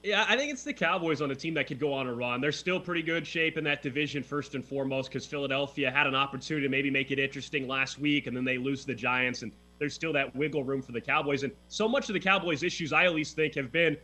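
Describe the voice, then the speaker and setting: A man's voice: medium pitch, fast, few pauses, pushed and bright, rough recording. A man hosting a sports betting show, talking football in a loose, chatty way with frequent restarts. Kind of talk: casual sports talk.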